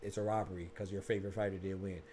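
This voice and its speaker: A man's voice: low voice, flat delivery, racing, mellow, a little hiss or hum. A man hosting a boxing podcast in casual, slangy livestream talk, speaking to viewers in chat.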